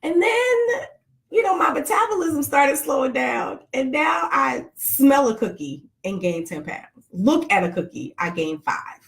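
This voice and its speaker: A woman's voice: high voice, very animated, unhurried, creaky. Middle-aged lady vlogging live, chatty and jokey, says hi to viewers as she goes. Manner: chatty, joking, greets viewers by name. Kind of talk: casual chat to live viewers.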